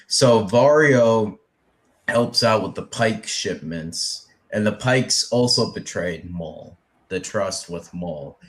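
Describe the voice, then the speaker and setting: A man co-hosting a casual review chat who addresses the viewers in an unhurried way. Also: deep voice. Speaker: co-host.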